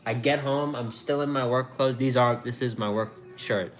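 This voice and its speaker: A young man chatting casually as a food review vlogger, rambling and excitable, restarting his sentences often. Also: mid-range voice, normal speed. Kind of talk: casual chat.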